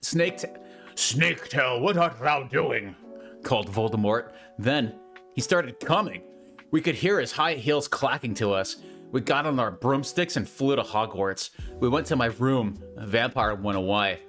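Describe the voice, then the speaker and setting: A man's voice: medium pitch, normal speed, faint music behind. Man giving a mock-serious comedic reading. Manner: mock-serious, deadpan with asides. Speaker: host reading fanfiction aloud.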